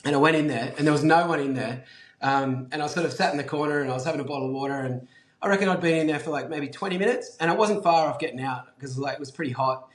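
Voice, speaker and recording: A man's voice: on the high side, quick pace. A man telling stories casually as an interview guest, chatty and laughing often, with casual swearing. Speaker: interview guest, business founder. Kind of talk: casual storytelling. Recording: echoey room.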